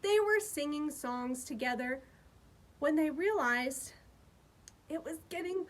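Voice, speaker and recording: A woman's voice: high voice, animated, takes it slowly, long pauses. A woman, a children's librarian, reading a picture book aloud at storytime in a sing-song voice made big for young listeners.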